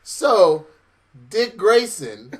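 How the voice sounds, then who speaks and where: A man's voice: high voice, very animated, very slow. A man co-hosting a casual TV review, talking animatedly, laughing often and acting out scenes. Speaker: co-host reviewing a TV episode. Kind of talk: casual chat.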